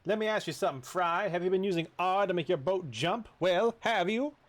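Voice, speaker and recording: A man voicing a chatty talking fish that gives sailing tips in a teasing, quick way. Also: high voice, close to an everyday voice.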